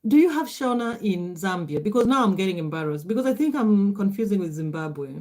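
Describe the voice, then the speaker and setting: A woman's voice: mid-range voice, expressive, fairly quick, a little mellow. Middle-aged woman, Kenyan accent, Swahili first language, livestream host, chatty, laughs a lot, reads out comments. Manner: chatty, laughs often, answers comments aloud. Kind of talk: casual livestream chat reading viewer comments.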